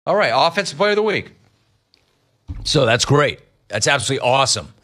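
Animated, bright-voiced sports radio host. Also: male voice, mid-range voice, a little fast. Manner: lively, riffing, mock-quoting callers and family.

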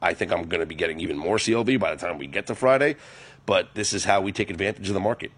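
A man hosting a live sports betting radio show, chatty and animated with self-mocking asides. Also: sits low, rapid-fire, husky. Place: radio studio.

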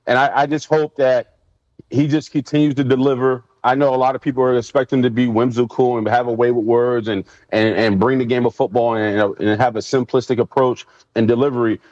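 Telling stories in a relaxed interview, a man who once played pro football animatedly acts out quotes in raised voices. His mid-range voice moves briskly, captured in a dry, dull lo-fi recording.

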